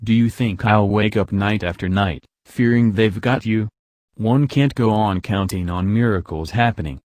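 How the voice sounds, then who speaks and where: A man's voice: on the low side, moderate pace, a little mellow, no room sound, clean studio sound, natural voice. Man reading a brooding hunted young man. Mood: anguished. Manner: impassioned, pleading delivery. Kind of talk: audiobook character reading.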